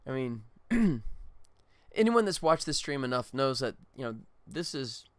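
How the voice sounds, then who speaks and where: A man's voice: medium pitch, big pitch swings, measured pace, no echo. Man, middle-aged, tired, rambling, chuckling, game developer livestream, dry. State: exhausted. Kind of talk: casual livestream chat.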